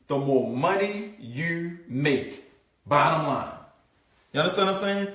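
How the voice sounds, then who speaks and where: A middle-aged man coaching business owners in an emphatic, preachy way. He talks in casual slang and keeps checking in with his listeners. His rather high voice sits back from the mic in a roomy space. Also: distant mic. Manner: emphatic, preachy, repeats "you know what I'm saying". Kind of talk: motivational webinar talk.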